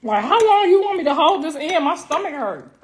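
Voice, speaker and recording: A woman hosting a casual livestream, telling loud, laughing, slangy stories. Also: very high-pitched, big pitch swings, a little fast. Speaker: livestream host. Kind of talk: casual live-stream chat.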